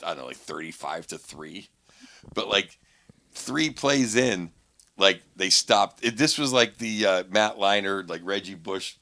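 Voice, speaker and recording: Lively middle-aged man telling a story. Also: deep voice, a little slow, gravelly. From Pittsburgh, USA. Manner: animated, rambling anecdote with many restarts. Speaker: guest comedian. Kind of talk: casual storytelling on a podcast.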